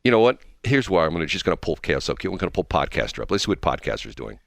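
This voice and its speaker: A man's voice: sits low, big pitch swings, racing, gravelly, no room sound, studio quality. A man hosting a radio show, joking and flustered in casual on-air banter.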